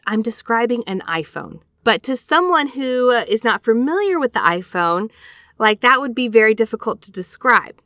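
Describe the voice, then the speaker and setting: A woman's voice: a little high, sing-song, normal speed, a bit bright, no room sound, clean studio sound. A woman hosting a casual scripture study lesson, talking in a chatty, conversational way and checking in with her listeners through rhetorical questions. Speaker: podcast host teaching scripture.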